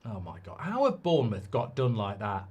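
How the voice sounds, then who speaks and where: A middle-aged man hosting a live football watchalong, reacting to the match and swearing loudly at poor defending. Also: lowish voice, sing-song, moderate pace, husky. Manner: swears and rants at bad defending.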